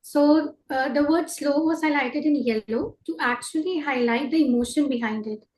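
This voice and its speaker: High-voiced woman in an echoey room. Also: moderate pace, a little mellow. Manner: hesitant, many "uh" fillers. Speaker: teacher in training, participant. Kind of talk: answering a trainer's question.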